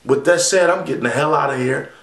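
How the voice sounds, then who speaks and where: A man's voice: a little high, quick pace, creaky. Fired-up man ranting in an echoey room. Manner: animated, swearing, rambling. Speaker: vlogger. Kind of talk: profane rant to camera.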